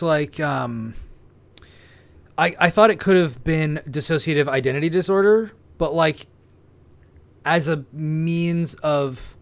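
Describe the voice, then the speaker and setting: A man with a fairly high voice full of gravelly fry. He talks about a movie in a casual, animated way, trailing off and correcting himself as he goes. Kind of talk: casual film discussion.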